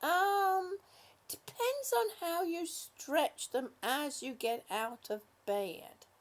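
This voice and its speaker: Speaking slowly in a very high-pitched voice, a woman hosts a casual livestream and reads comments from her viewers. She chats with them affectionately, using names like honey and sweetie.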